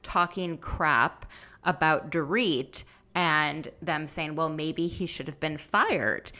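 A woman with a slightly low voice chats casually as a podcast co-host. She is opinionated and fires off questions in disbelief. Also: slow, bright, forceful tone. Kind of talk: casual chat.

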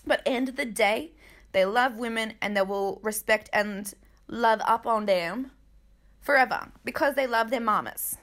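A woman chats through gossip commentary with a candid, joking manner and quick asides. Her voice sits a little high and sounds bright and sharp. She speaks casually, as if talking to friends. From Australia. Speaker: podcast host.

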